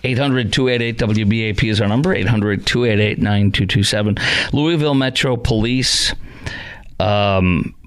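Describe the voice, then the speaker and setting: A man's voice: lowish voice, normal speed, smooth. A man hosting a talk radio show, arguing with emphatic rhetorical questions into a studio microphone.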